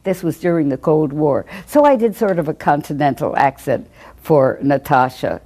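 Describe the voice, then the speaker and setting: Older woman, interview recollection, low warm voice, chatty storyteller. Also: expressive, moderate pace. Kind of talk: archival interview anecdote.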